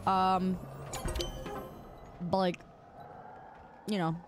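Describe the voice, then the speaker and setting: A woman's voice: on the low side, drawn-out words, music in the background. A woman game streamer chatting casually and teasingly with her viewers while she plays. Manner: animated, teasing, talks to chat. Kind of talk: casual live-stream chat.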